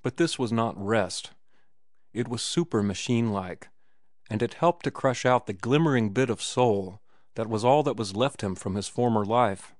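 A man narrating an audiobook in a measured, phrase-by-phrase reading. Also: medium pitch, a little mellow, no room sound, studio quality. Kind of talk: scripted narration.

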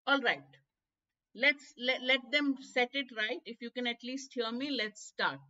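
A woman's voice: fairly high pitch, unhurried, sharp tone. A woman with an Indian English accent teaching a live online exam-prep class, explaining step by step and mixing in bits of Hindi. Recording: dull lo-fi stream audio.

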